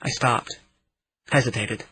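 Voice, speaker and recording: A man narrating a novel in the first person at a steady, measured pace. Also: medium pitch, a little hiss or hum, rough recording. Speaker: audiobook narrator.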